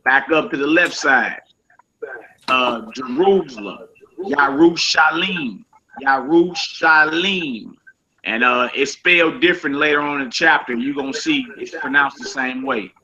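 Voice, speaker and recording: A man teaching a casual Hebrew vocabulary lesson, saying each word slowly and repeating it, with relaxed slang asides to his listeners. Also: medium pitch, slight background noise. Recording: dull lo-fi sound.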